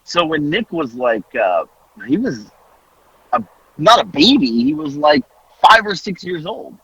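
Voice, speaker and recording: A man in his forties tells a story on his podcast in a slightly husky, fairly high voice that swings up and down a great deal. He acts out every quote with big leaps in pitch. The audio sounds dull and lo-fi. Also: big pitch swings, measured pace, bright, forceful tone. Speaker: podcast co-host. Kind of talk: casual storytelling chat.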